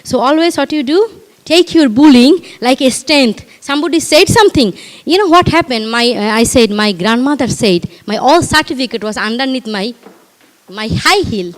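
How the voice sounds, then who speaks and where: A woman's voice: sits high, animated, normal speed. A middle-aged woman from Bangladesh with a Bangladeshi accent, speaking as a parenting coach at a live community event. She talks emphatically, with repeated rhetorical questions.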